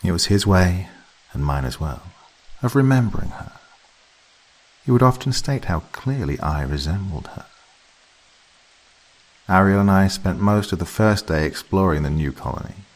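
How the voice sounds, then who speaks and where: Deep husky male horror narrator. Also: lively intonation, moderate pace, pauses often, rough recording. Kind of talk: scripted narration.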